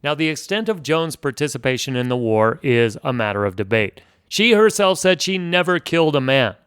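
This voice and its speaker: A man's voice: medium pitch, sing-song, normal speed, fairly bright tone, clean tone, no room sound, clean studio sound. A man hosting a history podcast, telling the story in a conversational way with wry asides.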